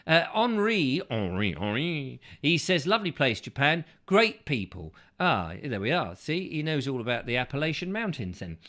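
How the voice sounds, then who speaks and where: A man's voice: on the high side, very animated, normal speed, hardly any pauses, a bit bright. A man hosting a casual show, reading out viewer comments in a playful, rambling way that keeps slipping into silly voices. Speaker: host.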